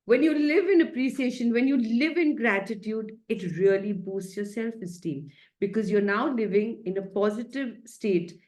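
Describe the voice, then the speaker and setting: A woman's voice: mid-range voice, darkish tone. A woman, a happiness coach giving a chatty, playful self-care talk over a video call, often laughing and coaxing her listeners.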